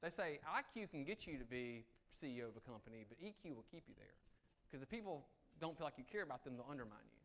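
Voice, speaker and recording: A middle-aged man giving a live negotiation seminar, swinging between loud emphasis and soft, low asides. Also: sing-song, quick pace, vocal fry. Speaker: negotiation speaker. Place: meeting room with audience.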